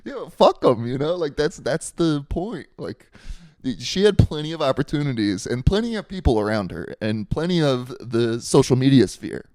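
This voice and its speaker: A blunt, foul-mouthed man trading jokes on a podcast, laughing between lines. His pitch swings widely through every sentence, and the sound is dry and close to the mic. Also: sing-song, darkish tone, no room sound. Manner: blunt and profane, laughs often, quick to agree. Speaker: podcast co-host. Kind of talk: casual comedic chat.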